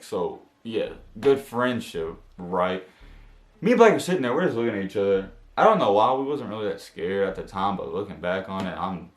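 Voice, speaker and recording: A young man telling a spooky personal story as a vlogger. He talks in casual slang, going from hushed to loud and excited. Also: lowish voice, normal speed, echoey room. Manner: animated storytelling, slang-heavy, jumps from hushed to shouting. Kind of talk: story time vlog. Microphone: camera mic.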